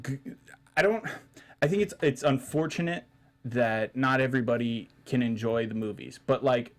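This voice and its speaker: A man's voice: medium pitch, normal speed. A man hosting a podcast in a studio, ranting in casual chat, swearing and restarting his sentences. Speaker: podcast host.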